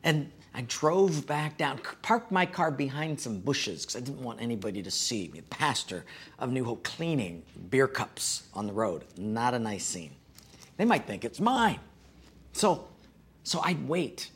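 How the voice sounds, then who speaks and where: Husky-voiced pastor telling stories. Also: male voice, medium pitch, sing-song, a little slow. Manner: folksy, self-deprecating humor. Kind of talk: sermon with personal storytelling.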